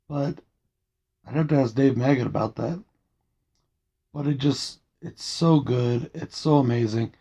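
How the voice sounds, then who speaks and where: A man talking quietly and casually through a movie review, late at night at home, in a soft, rambling way. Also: medium pitch, creaky, slightly rough, dull audio. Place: home at night, dim room.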